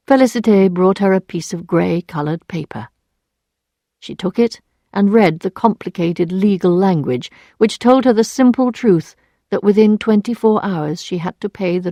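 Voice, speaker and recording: Woman narrator, clear even storytelling, mid-range voice, dry close recording. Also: mid-range voice, dry recording. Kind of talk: scripted narration for English learners.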